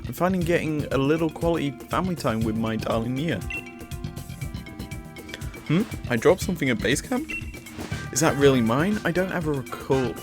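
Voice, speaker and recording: A hearty, jovial older chief who dotes on his family, as a man reads his lines. The voice stays at a middle pitch. Game music plays behind him. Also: expressive, moderate pace, pauses often, lightly acted.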